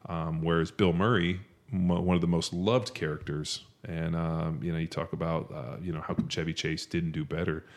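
Man, very low voice, casual podcast chat, rambling storyteller. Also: fairly even intonation, moderate pace, few pauses. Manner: rambling, quotes movie lines in funny voices. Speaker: podcast co-host.

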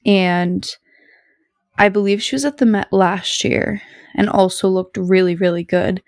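A woman's voice: medium pitch, steady tone, unhurried, darkish tone, dry recording, clean studio sound. A young woman hosting a podcast at home, chatting casually in a rambling, bubbly, self-deprecating way. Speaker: podcast host. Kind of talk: casual solo chat.

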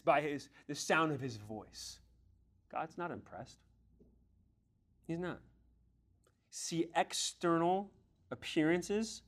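A man preaching a sermon, emphatic, swinging between loud exhortation and hushed, near-whispered lines. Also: a little high, lively intonation, unhurried, long pauses.

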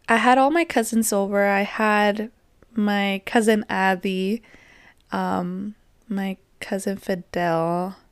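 A woman in her twenties telling a personal story on her podcast, reflective and gently hesitant. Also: mid-range voice, clean tone, dry recording, studio quality. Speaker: podcast host.

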